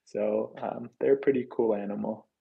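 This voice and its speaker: A man's voice: on the low side, steady tone, moderate pace, creaky, narrow, tinny audio. A man of thirty hosting a reptile livestream, chatting casually and candidly as he reads viewer comments, with frequent fillers. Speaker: reptile channel host.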